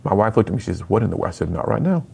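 A man's voice: sits low, sing-song, very fast, vocal fry, warm tone, slightly rough. A middle-aged man, a youth speaker and author, telling his personal story in an interview with earnest storytelling and acted-out dialogue.

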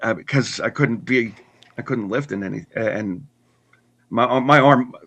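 A man earnestly telling his personal story in conversation, halting with restarts and repeats. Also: medium pitch, vocal fry, fairly bright tone, breathy edge. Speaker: guest telling his testimony.

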